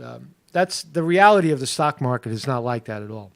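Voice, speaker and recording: A man's voice: mid-range voice, animated, brisk, gravelly. A man hosting a casual morning livestream, rambling loosely with many fillers and restarts and greeting viewers in the chat by name. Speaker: livestream host.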